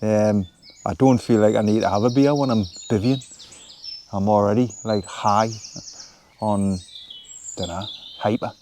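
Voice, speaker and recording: A man chats in an easy, rambling way, full of fillers, as he films himself at a wild camp in the woods. His voice sits fairly low. Faint birds and outdoor ambience carry on behind him. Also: moderate pace, pauses often, a little hiss or hum. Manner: relaxed, chatty, rambling with fillers. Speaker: vlogger. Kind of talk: casual outdoor vlog talk. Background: birds and woodland ambience.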